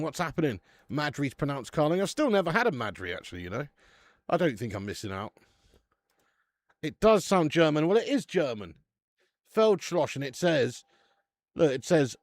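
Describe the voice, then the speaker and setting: A man's voice: a little high, darkish tone, dry recording. A man hosting a casual football watch-along stream, chatting with the live chat and swearing casually.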